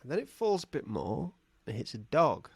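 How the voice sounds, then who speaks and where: A man's voice: medium pitch, moderate pace, breathy edge, no echo. A man co-hosting a podcast, spinning a silly improvised story with lots of acted-out voices. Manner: animated, silly, acts out voices. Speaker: podcast co-host.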